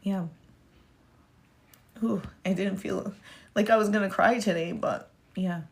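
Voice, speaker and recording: A woman's voice: medium pitch, steady tone, measured pace, creaky. A young woman talking earnestly and tearfully about her faith on a live stream, repeating words for emphasis. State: tearful, near crying. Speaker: speaker sharing her story. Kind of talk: heartfelt personal talk on a live stream.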